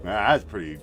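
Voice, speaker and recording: A man hosting a casual livestream, excitable, swearing and laughing often, trailing off mid-sentence. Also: lowish voice. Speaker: show host.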